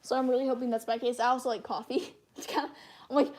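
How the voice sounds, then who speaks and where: A teenage girl with a high-pitched voice, rambling and self-deprecating in casual livestream chat while she draws. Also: steady tone, quick pace, darkish tone. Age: teens. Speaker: channel host.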